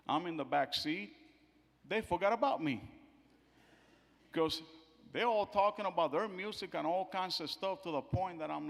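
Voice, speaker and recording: A middle-aged man giving a eulogy for his daughter, telling family stories and acting out the quotes, his voice swinging from soft to loud. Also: a little high. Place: church sanctuary. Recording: long church hall reverb.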